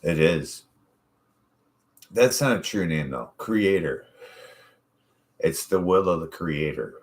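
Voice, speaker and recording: A man's voice: low-pitched, expressive, takes it slowly. A man hosting a casual chat show, telling profane, rambling stories from his life. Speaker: podcast host.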